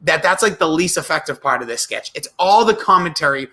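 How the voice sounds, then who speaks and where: Animated high-voiced man on a podcast. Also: a little fast. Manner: animated, acts out sketch lines in put-on voices. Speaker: podcast co-host. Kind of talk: casual podcast chat.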